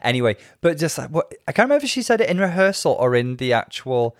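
A man's voice: a little high, very animated, fast, dry recording, studio quality. A man co-hosting a podcast in casual chat, giggling and gushing like a fan. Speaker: podcast co-host.

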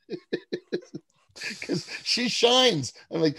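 A man's voice: fairly high pitch, sing-song, measured pace, long pauses. A man co-hosting a podcast, chatting casually about a TV episode, laughing often and acting out lines as he recaps. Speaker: podcast co-host.

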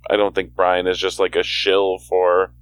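A man's voice: low voice, monotone, moderate pace, no echo. Podcast cohost guy, wry, laughs a lot, trips over words arguing, dry close mic. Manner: wry, laughs often, stammers when arguing. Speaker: podcast co-host. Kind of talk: casual podcast chat.

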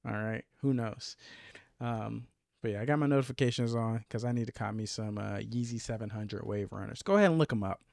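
Podcast co-host, male, gravelly voice, dry close sound, laid-back and rambling. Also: on the low side, level tone, moderate pace, darkish tone, dry recording. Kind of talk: casual chat.

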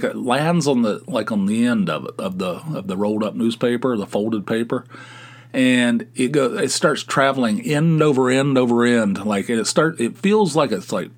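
A middle-aged man from West Virginia, a podcast host, telling rambling, animated stories with chuckles in a casual style. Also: mid-range voice. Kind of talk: casual anecdotal storytelling.

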